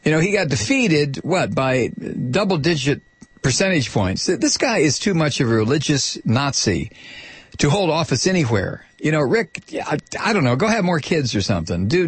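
A man's voice: fairly high pitch, husky, dry recording. Sardonic male radio talk host. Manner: sardonic and mocking, laughs at his targets. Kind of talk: political talk radio monologue. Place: radio studio. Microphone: studio microphone.

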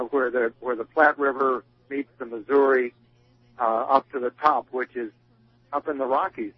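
A male radio guest with a husky voice talks in a folksy, wry way and explains things patiently. The recording is dry and lo-fi, with little room sound. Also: mid-range voice, no echo. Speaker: guest, climate commentator. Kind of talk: casual radio interview.

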